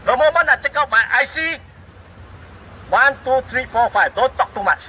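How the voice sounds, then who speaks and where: A man's voice: very high-pitched, expressive, moderate pace, pushed and bright, a little hiss or hum, low-quality recording. Fiery Singaporean man ranting outdoors. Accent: Singaporean English. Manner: fiery, rhetorical, scolding the government. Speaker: speaker at a public rally. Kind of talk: impassioned public speech.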